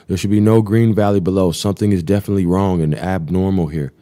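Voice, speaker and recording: Deep-voiced man reading with sarcastic asides. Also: fairly even intonation, fast talker, mellow. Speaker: live-stream host. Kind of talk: reading a text aloud with live-stream commentary.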